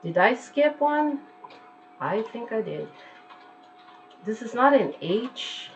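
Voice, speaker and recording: A woman's voice: a little high, very animated, takes it slowly, a little hiss or hum, low-quality recording. A woman teaching English pronunciation online from home, patiently repeating each word to demonstrate its sound.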